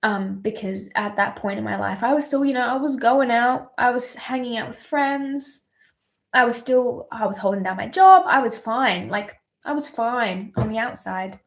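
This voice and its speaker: A woman's voice: on the high side, moderate pace. A young woman, a singer-songwriter on a livestream, talking candidly and tearfully with lots of swearing and ums. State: teary, voice wavering. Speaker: singer-songwriter streaming live. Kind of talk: emotional livestream chat.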